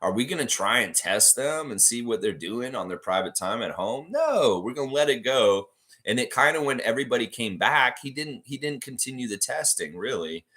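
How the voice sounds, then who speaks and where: A man hosting a casual livestream chat, rambling in a relaxed way and reading viewer comments aloud. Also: mid-range voice, a little fast, few pauses. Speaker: livestream host.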